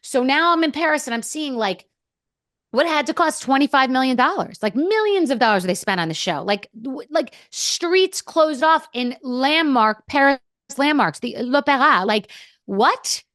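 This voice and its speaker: A woman's voice: high voice, expressive, moderate pace, fairly bright tone, no echo, clean studio sound. A woman guest on a podcast, telling a candid story in a blunt, profane, rambling way.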